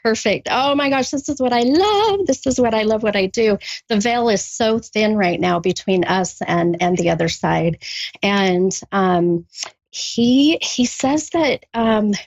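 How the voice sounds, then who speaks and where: A woman's voice: medium pitch, measured pace, dry recording, muffled recording. Gushing, hesitant woman psychic medium. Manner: hesitant, with many ums, gushing and animated. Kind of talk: live spirit reading with a caller.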